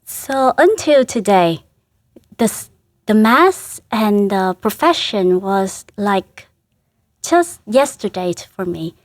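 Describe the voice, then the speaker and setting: A woman's voice: mid-range voice, sing-song, no room sound, clean studio sound. Earnest woman, religious sister guest. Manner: earnest, halting, emotional recollection. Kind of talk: interview conversation.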